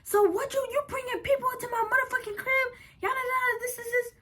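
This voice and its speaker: High shrill screaming angry girlfriend, cussing everybody out as a lady acts her out. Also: a little fast. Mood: furious. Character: furious young woman yelling at her cheating boyfriend's side girl.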